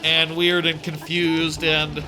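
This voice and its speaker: A man's voice: on the high side, monotone, slow, sharp tone, a little hiss or hum. A man giving casual gameplay commentary as a streamer, rambling and sardonic, with frequent stammered restarts.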